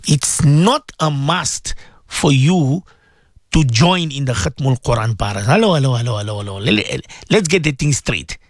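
A man's voice: medium pitch, lively intonation, normal speed, no room sound. A middle-aged man presenting religious advice on radio, pleading and repeating himself for emphasis.

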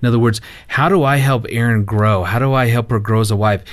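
A man appearing as a guest on a talk show about marriage and telling a family anecdote in an animated way, laughing often and acting out what he said. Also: medium pitch, fairly quick, no echo. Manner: animated storyteller, laughs often, quotes himself.

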